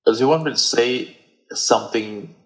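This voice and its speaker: A man's voice: mid-range voice, moderate pace, low-quality recording. A man with a Russian accent, a guest in a casual chat, who hesitates and searches for English words.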